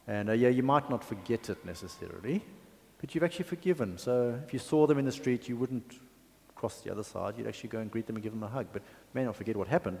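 A man's voice: lowish voice, a little mellow. Chatty male preacher in a hall. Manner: conversational, chatty asides and fillers. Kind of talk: sermon. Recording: long hall reverb.

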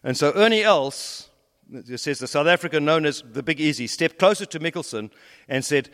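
Man preaching a sermon, storytelling, big rises then dropping low, long hall echo. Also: expressive, a little fast, a bit bright.

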